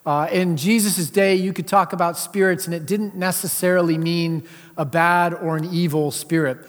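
A man's voice: high-pitched, fairly even intonation, normal speed. Male pastor preaching in a reverberant hall. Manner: conversational, with frequent filler sounds. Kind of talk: sermon. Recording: long reverb of a large hall.

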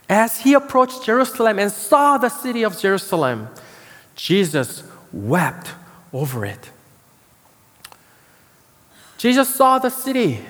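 A man preaching a sermon as pastor, building emphasis with dramatic pauses and repeated key words. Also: high voice, long reverb tail.

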